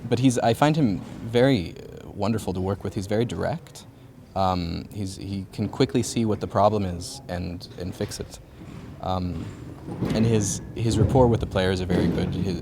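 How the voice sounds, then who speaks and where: A man's voice: low-pitched, creaky, background noise. A young man, a student conductor, speaking earnestly and hesitantly with many fillers. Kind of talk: interview remarks.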